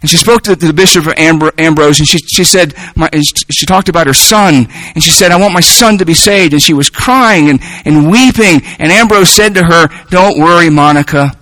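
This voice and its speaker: A male preacher with a high, bright voice delivers a sermon earnestly, circling back over his words as he builds each point. The sound is close and dry. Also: a little fast, few pauses, no echo, low-quality recording.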